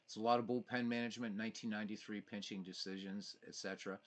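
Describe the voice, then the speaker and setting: Man, lowish voice, casual streamer chat, reads out viewer comments, excitable asides. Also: fast talker. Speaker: livestream host playing a baseball sim.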